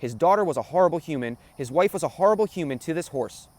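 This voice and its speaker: A man's voice: a little high, expressive, fast talker, darkish tone. A man hosting a spiritual talk, telling a personal story in an earnest, emotional way, repeating phrases and checking in with the listener. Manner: earnest, repeats phrases, keeps asking "right?".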